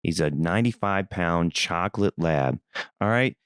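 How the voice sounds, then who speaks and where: A young man from Missouri hosting a podcast, telling a rambling, animated story in a casual, swearing manner. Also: low voice, moderate pace, clean tone, no echo, clean studio sound. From Missouri, USA. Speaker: podcast host.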